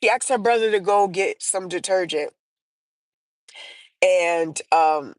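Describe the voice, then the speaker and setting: A livestream host speaks slowly in a lowish voice, telling personal stories in a casual, rambling way with lots of fillers and restarts. The recording is low-quality, without echo.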